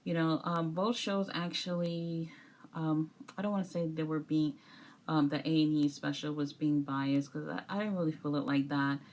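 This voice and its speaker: A woman's voice: sits low, fairly even intonation, moderate pace, a little mellow. A young woman casually reviewing wrestling documentaries, rambling with lots of fillers and restarts.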